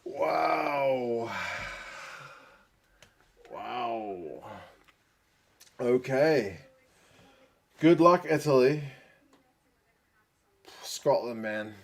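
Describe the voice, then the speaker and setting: A man's voice: medium pitch, lively intonation, very slow, gravelly, pauses often. A man giving live reaction commentary, thinking aloud with gasps and exclamations, tired late at night. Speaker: rugby channel host.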